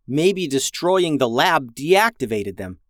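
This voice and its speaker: A man voicing an excited young boy who exclaims eagerly in a children's story. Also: on the high side, takes it slowly, dry recording, clean studio sound, full character voice. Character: excited young boy, shape-shifting brother.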